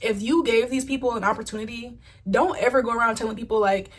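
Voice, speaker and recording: A woman giving a casual pick-a-card tarot reading, chatty and animated, swearing freely. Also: fairly high pitch, quick pace, breathy edge. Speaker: tarot reader.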